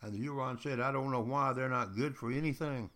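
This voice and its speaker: A man voicing a calm French explorer in a told story, speaking low, quiet and measured. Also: lightly acted. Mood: hushed.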